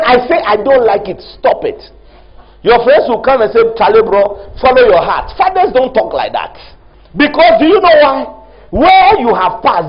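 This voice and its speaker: A male pastor preaching a sermon, asking the congregation to finish his sentences, shouting some lines and dropping low and quiet on others. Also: dull audio. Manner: emphatic, call-and-response questions to the congregation.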